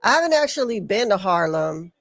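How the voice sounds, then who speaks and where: A woman's voice: medium pitch, sing-song, a little fast, no echo, clean studio sound. A woman co-hosting a live wrestling watch-along, chatting casually, teasing, and reading out viewer messages. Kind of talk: casual live stream chat.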